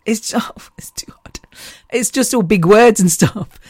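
A woman hosting a podcast, telling rambling personal stories in a chatty, animated way and laughing often. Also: lowish voice, normal speed, breathy edge, no echo, studio quality. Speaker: podcast host.

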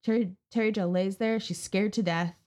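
A podcast co-host tells a true-crime story in a relaxed, chatty way, cursing freely and acting out the people she quotes. Her voice is medium-pitched and darkish, with a steady tone and a moderate pace.

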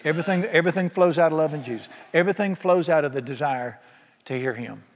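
Man, preacher, folksy sermon storytelling, acts out quoted dialogue, slightly high voice, long hall reverb. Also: animated, quick pace.

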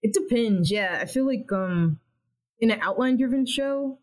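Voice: medium pitch, lively intonation, a little slow, low-quality recording. Podcast guest, TV writer, casual, rambling, quotes own thoughts aloud. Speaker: TV animation writer.

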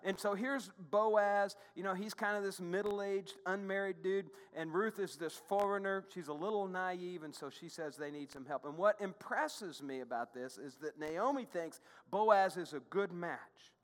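Male pastor preaching, chatty and animated, slightly high voice, big echoey church hall. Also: moderate pace, hardly any pauses. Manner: animated, conversational preaching with asides to the congregation. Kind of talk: sermon. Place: church sanctuary.

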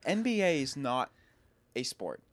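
A young man co-hosting a casual sports podcast, talking in heated, animated rants. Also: medium pitch, unhurried, a crowd in the background. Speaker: podcast co-host.

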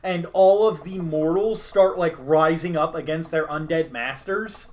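A man's voice: a little high, measured pace, a little mellow. A young man casually retelling a tabletop game session in a loose, rambling way, with many fillers and restarts. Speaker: podcast host recapping a game session. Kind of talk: casual storytelling recap.

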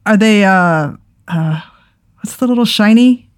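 Unhurried woman with playful questions. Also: mid-range voice. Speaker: guest. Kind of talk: casual chat.

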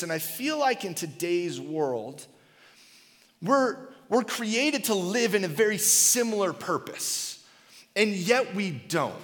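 A pastor in his thirties gives a sermon in a church auditorium, casual and animated, telling stories packed with "like" and "right?". His voice is high, and the recording has a big-room sound.

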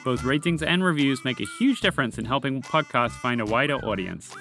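A man narrating a children's storybook tale as the podcast host, in a gentle, measured reading voice. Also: medium pitch, lively intonation, vocal fry, soft background music.

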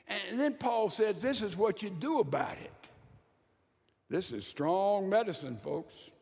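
A man preaching a sermon to a congregation, emphatic, with big swings between loud, quick bursts and slow, hushed stretches. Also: high voice. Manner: emphatic preacher with wide swings in loudness and pace. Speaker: pastor. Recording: hall reverb.

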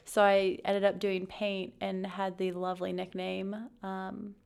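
Soft-spoken woman with a gravelly edge. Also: medium pitch, unhurried. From Missouri. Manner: soft, polite, relaxed storytelling. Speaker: podcast guest, math teacher. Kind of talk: casual interview.

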